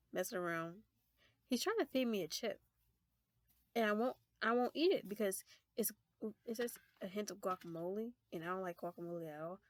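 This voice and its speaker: A teenage girl vlogging to camera, animated and laughing, acting out her friends' lines in loud bursts. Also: on the low side, no echo. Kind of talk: casual storytelling to camera.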